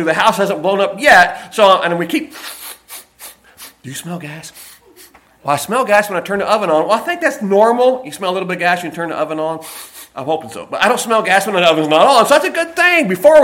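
A pastor with a drawl and a high, light voice delivers a sermon. He leans hard on key phrases, slowing down to hammer them home, then slips into folksy asides. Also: a bit bright. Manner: emphatic preaching, slows and stresses key phrases; folksy asides and personal stories.

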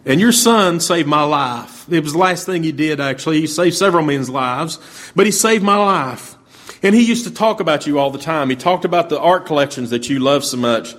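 A man's voice: on the high side, animated, normal speed, a bit bright. A man playing a humble young soldier. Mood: earnest. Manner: modest, hesitant. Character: humble young male soldier, earnest and modest.

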